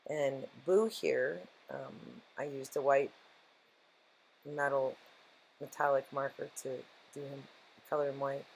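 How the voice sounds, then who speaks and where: A woman with a low, gravelly voice hosts a casual crafting video. She chats in an easy, upbeat way as she shows what she made. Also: steady tone, slow, darkish tone, slight background noise. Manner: chatty and upbeat, calls her crafts cute. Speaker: craft channel host.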